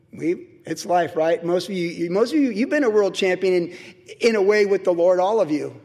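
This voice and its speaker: A man's voice: high-pitched, a little mellow. A middle-aged man, a pastor, preaching a sermon in an emphatic, conversational way. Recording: long reverb of a large hall.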